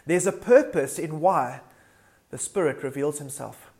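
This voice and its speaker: A man's voice: a little high, a little slow, darkish tone. A man preaching a sermon earnestly, building to emphatic lists and reading scripture aloud.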